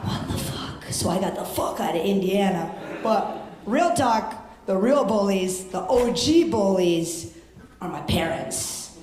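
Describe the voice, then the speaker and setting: A woman's voice: mid-range voice, animated, measured pace, darkish tone. A young woman doing a stand-up comedy set, brash and profane with punchy delivery, on a handheld mic at a comedy club stage. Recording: roomy club sound.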